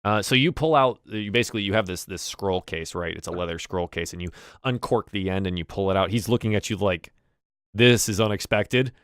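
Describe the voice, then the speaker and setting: A male game master narrates a tabletop game scene, stopping and restarting as he searches for words. His voice is on the low side and smooth. The recording is close and dry. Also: fast talker, fairly bright tone, dry recording.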